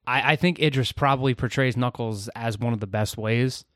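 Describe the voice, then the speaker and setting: A man's voice: medium pitch, fairly quick, fairly bright tone, no echo, studio quality. A man co-hosting a casual podcast chat, explaining game lore with lots of "actually" and "I'm just saying". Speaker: podcast co-host.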